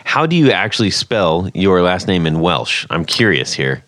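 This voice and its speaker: A man's voice: low-pitched, big pitch swings, normal speed, fairly bright tone, no echo. A man hosting a podcast interview in casual chat, joking and laughing often. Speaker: podcast host.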